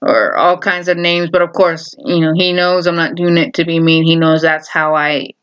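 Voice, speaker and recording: A woman's voice: sits low, steady tone, normal speed, smooth. A woman vlogger telling a story in a casual, rambling way, full of fillers and laughter. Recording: dull lo-fi recording.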